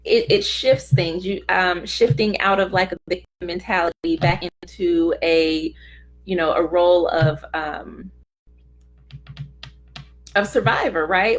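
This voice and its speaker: A woman's voice: medium pitch, slow. A middle-aged woman hosting a casual motivational talk, speaking earnestly and conversationally and acting out short quoted remarks. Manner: earnest, conversational, acts out little quoted voices. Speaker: host of a self-help talk.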